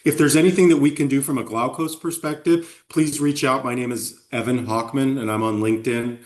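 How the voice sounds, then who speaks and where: A man's voice: medium pitch, fairly even intonation, a little fast, darkish tone. A man from the sponsoring company closing a webinar, speaking politely and steadily with some fillers. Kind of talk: formal closing remarks.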